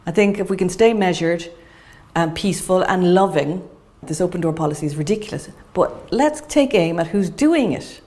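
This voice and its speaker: A woman in a documentary interview, speaking in a calm, measured way and urging restraint. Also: lowish voice. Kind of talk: talking-head interview.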